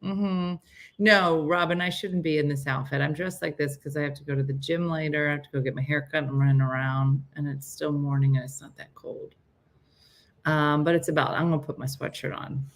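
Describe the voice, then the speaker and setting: A woman's voice: sits low, steady tone, brisk. A middle-aged woman chatting casually on a morning live stream, rambling and answering viewers' comments.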